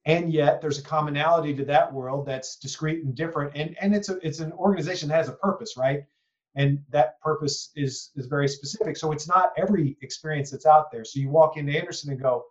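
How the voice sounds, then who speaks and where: A man's voice: a little high, steady tone, a little fast, dull audio. A man from East Texas hosting a podcast interview, reflective and rambling, with many asides and tag questions. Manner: reflective, rambling, many "you know"s and "right?". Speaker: podcast host. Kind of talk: conversational interview.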